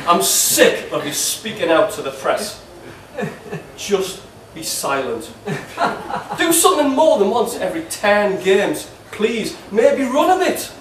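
A man putting on a Geordie accent to voice an angry male football fan's ranting texts, drawn-out and exasperated. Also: very high-pitched, fairly bright tone, a little hiss or hum, pitched above the performer's own voice, exaggerated voice. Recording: echoey hall, distant mic, laughing crowd.

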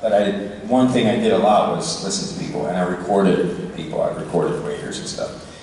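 A tired man chatting casually as a convention panel guest, relaxed and quick to laugh. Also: low voice, a crowd in the background. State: tired, short on sleep. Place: large convention hall. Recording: echoey hall recorded from far off.

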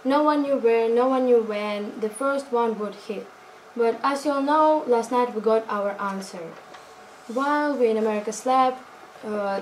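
A woman's voice: fairly high pitch, a little mellow, a little hiss or hum, lightly acted, low-quality recording. A woman playing a TV news anchor in a school stage play, with formal newsreader delivery.

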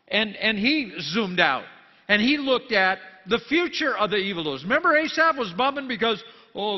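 A pastor giving a jokey sermon, dropping to quiet asides and then rising into loud, emphatic bursts. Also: male voice, high voice. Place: church sanctuary. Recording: long church reverb, dull lo-fi sound.

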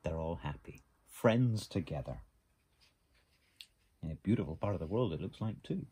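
A man's voice: deep voice, lively intonation, normal speed, dark tone, breathy edge. A man reading a children's picture book aloud, adding chatty asides to young listeners. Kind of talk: storybook read-aloud.

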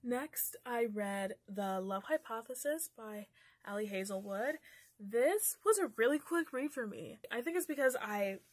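A woman's voice: fairly high pitch, animated, a little slow, no room sound. Candid swearing woman reviewing books. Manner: candid, swears freely, ranty asides. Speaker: book vlogger. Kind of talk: casual book review chat.

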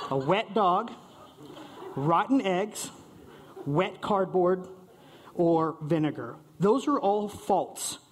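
A man giving a playful, animated short talk on stage to a live audience, acting out quick voices of diners and servers. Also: high voice, husky. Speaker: speaker at a short-talk event.

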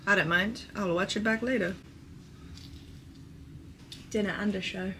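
A woman's voice: mid-range voice, steady tone, unhurried, bright, forceful tone, a little hiss or hum. Woman, 20s, lifestyle vlogger. Bubbly, chatty, swears casually. Roomy hotel room, mic slightly distant. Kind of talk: casual chatty vlog talk to camera.

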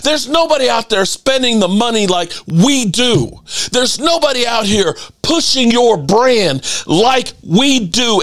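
A man's voice: very high voice, a bit bright. Heated, profane man ranting. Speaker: sports channel host. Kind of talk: ranting commentary.

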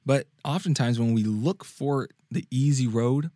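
A man's voice: a little slow, mellow. A young man gives a casual sermon-style talk in a medium voice. He chats loosely and restarts his phrases often. The sound is dry and close, with no room echo. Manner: conversational, restarts often, acts out quotes in a higher sung voice. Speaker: youth preacher and podcast host.

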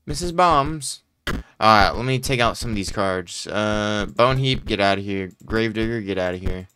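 A young man casually commentating his own gameplay, reading card text aloud with excitable reactions. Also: lowish voice, normal speed, slight background noise. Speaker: gaming let's-play host.

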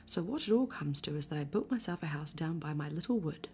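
A woman voicing a gloomy, melancholy male donkey in a soft, whispery voice, as whispered role-play. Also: sits low, animated, quick pace, a little hiss or hum.

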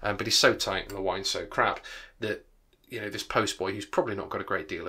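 A man's voice: lowish voice, fairly even intonation, brisk, bright, forceful tone, husky. A man teaching English literature, reading a novel aloud and breaking off for rambling, apologetic asides. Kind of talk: reading aloud with revision commentary.

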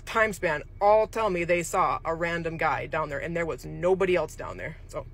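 A woman's voice: deep voice, moderate pace, fairly bright tone. A woman casually telling a creepy true story, chatty and rambling, with laughs mid-sentence. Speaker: storyteller host.

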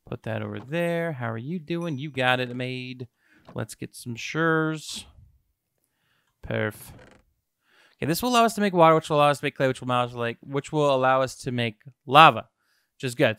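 A young man giving excitable, self-mocking let's-play commentary to his viewers as a gaming YouTuber. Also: medium pitch, smooth, no echo, clean studio sound.

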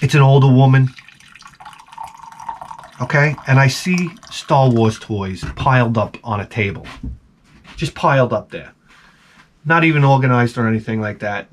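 A man with a young son, telling a rambling, animated story as a toy collecting vlogger. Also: medium pitch, measured pace, pauses often, a little hiss or hum. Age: adult with a young son. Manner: rambling, animated, acts out quoted voices. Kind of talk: casual storytelling monologue.

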